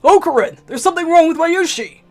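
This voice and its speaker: Woman voicing a loud young otaku guy. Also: very high-pitched, expressive, brisk, soft background music, voice pushed up. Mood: panicked. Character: excitable young male otaku friend. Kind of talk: reading a visual novel aloud.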